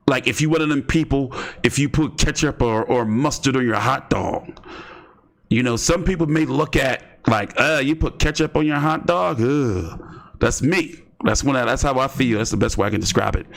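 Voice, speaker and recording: A man's voice: mid-range voice, normal speed, creaky. A man hosting casual boxing commentary, rambling and joking with slang and lots of fillers. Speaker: host.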